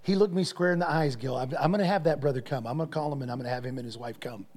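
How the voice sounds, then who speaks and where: A man's voice: mid-range voice, rapid-fire, darkish tone. A male pastor preaching a sermon, telling stories with energy and often repeating his phrases.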